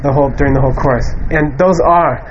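A man's voice: mid-range voice, quick pace. A man giving an informal Buddhist teaching to a class, talking in a loose conversational way with many fillers and asides, recorded in a lecture room. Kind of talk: informal dharma lecture to students. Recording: muffled lo-fi room recording with faint hiss.

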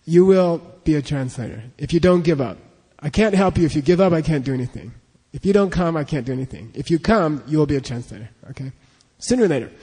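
A man's voice: a little high, animated, quick pace, few pauses, mellow, breathy edge. A man teaching a class, leading a pronunciation drill and patiently repeating syllables for students to echo. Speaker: language teacher. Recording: long hall reverb.

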